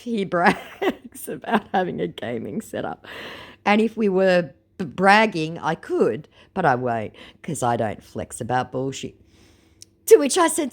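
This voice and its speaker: A woman with a fairly low voice reads aloud a chat exchange and adds her own commentary. Her delivery rises and falls in wide, lively swings, and her tone stays sarcastic and mocking throughout. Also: measured pace. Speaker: scam baiter.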